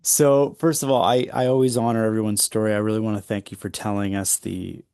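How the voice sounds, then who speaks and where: Guy hosting an interview, lowish gravelly voice, dry sound. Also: little pitch movement, a little fast, a little mellow, no echo. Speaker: interview host.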